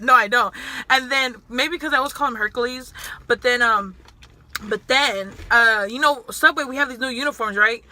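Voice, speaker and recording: Young woman, very bright high voice, chatty, jumps in a lot, casual vlog talk. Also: no echo. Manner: chatty, quick to jump in, quotes customers. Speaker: guest and sandwich shop worker. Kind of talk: casual chat while eating.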